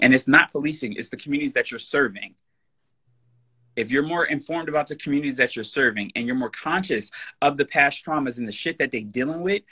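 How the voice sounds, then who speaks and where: Husky, forceful man talking bluntly. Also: mid-range voice. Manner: emphatic, blunt and profane. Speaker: podcast guest; personal trainer. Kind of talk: casual podcast conversation.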